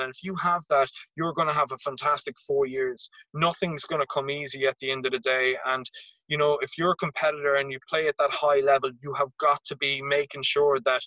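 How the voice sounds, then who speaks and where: Irish man, bright forceful voice, animated storyteller, repeats words, dry muffled sound. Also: a little high, dry recording. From Ireland. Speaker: guest, former college tennis player. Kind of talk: casual storytelling interview.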